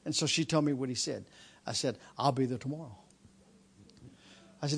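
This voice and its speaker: A man preaching a sermon, telling a personal story and then building into a loud, repetitive preaching cadence. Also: medium pitch, moderate pace, creaky, slightly rough.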